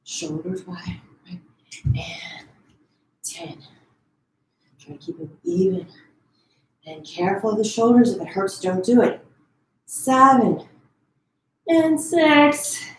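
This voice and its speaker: A woman leading a Pilates class from home, counting down reps and giving quick form cues, a bit out of breath. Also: medium pitch. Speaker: pilates instructor. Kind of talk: live online fitness class cueing. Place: her home. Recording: echoey room.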